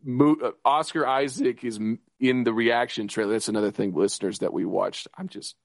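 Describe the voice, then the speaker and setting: A man co-hosting a podcast in casual chat, talking in an excited, rambling way with many restarts and laughs. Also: mid-range voice, normal speed, creaky, dry recording. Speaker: podcast co-host.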